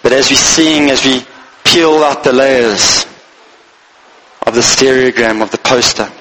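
A man's voice: medium pitch, fairly even intonation, measured pace, a bit bright, rough recording. A man preaching a Christmas sermon as pastor, speaking earnestly in short phrases and reading scripture aloud.

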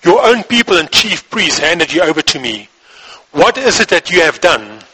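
A man's voice: on the high side, very animated, moderate pace, sharp tone, slight background noise, low-quality recording. A man reading as an uneasy Roman governor. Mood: questioning. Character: uneasy middle-aged male Roman governor.

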